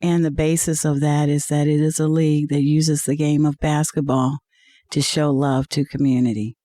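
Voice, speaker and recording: A woman's voice: low voice, little pitch movement, moderate pace, dark tone, no echo, clean studio sound. Earnest woman telling a heartfelt story. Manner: earnest, heartfelt testimony with many "uh"s. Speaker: interview guest, league executive. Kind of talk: personal storytelling in an interview.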